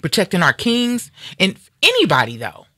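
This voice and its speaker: A woman's voice: medium pitch, huge pitch swings, moderate pace, bright, forceful tone, no room sound, studio quality. Fired-up Black American woman ranting. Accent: African American. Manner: angry, fiery, emphatic. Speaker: live stream host. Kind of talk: heated casual talk.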